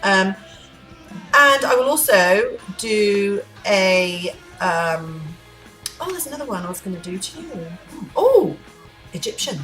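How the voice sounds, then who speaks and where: Woman, vlogger, rambling playful chat, animated voice, echoey room, distant mic, faint music. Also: mid-range voice, takes it slowly. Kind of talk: unplanned casual chat to camera. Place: room at home.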